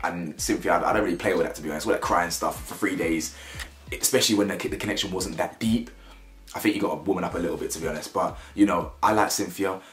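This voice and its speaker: A young British man giving blunt, slangy, mocking commentary on a reality show. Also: fairly low pitch. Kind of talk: opinionated reaction commentary. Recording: echoey room with faint music.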